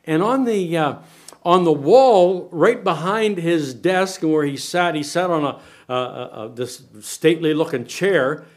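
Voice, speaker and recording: Older man, sermon preacher, slightly higher voice, animated and questioning the congregation. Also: unhurried. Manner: animated preaching, asks the room questions, varies loudness a lot. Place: church sanctuary.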